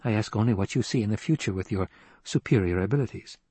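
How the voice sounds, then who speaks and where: A man's voice: lowish voice, fast talker, dark tone, slightly rough, no room sound. A man reading an audiobook, voicing a proud noblewoman who answers back defiantly. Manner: defiant, at times pleading.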